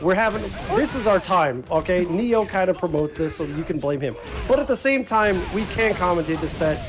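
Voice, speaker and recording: Male esports caster, high-pitched, playful and loose, over stream music. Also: animated, normal speed, few pauses. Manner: joking, switches between hype and low asides. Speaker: esports commentator. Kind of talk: casual play-by-play commentary. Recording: music playing underneath.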